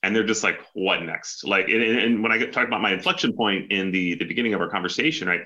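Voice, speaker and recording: A man speaking as a guest on an interview show, earnest and explanatory in a measured way. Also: on the low side, bright, forceful tone, lo-fi sound. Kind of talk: casual interview talk.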